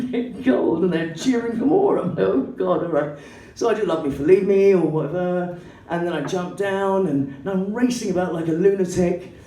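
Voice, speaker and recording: An English woman doing stand-up comedy, an excitable, swearing storyteller who acts out the people in her story. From England. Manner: excitable, swearing, acting out characters in shrill put-on voices. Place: comedy club stage. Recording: roomy hall, voice from a distance, faint background noise.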